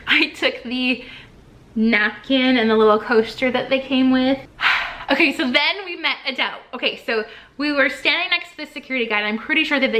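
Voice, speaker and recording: A young woman vlogger telling an excited story to her camera, gushing, with lots of fillers and restarts. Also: fairly high pitch.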